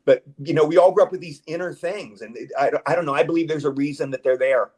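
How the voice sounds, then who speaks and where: A man's voice: a little high, fast, darkish tone. A man chatting as a guest in a casual interview, rambling and eager, with stammered restarts. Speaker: guest actor.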